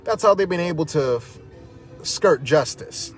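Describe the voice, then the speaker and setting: A man with a drawl delivers a fiery, defiant address straight to his audience, his voice sitting fairly high for a man. He drives his points home with repeated phrases, and faint music plays underneath. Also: animated, measured pace. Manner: fiery, defiant, rhetorical repetition. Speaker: activist, protest organizer. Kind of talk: impassioned direct-to-camera talk.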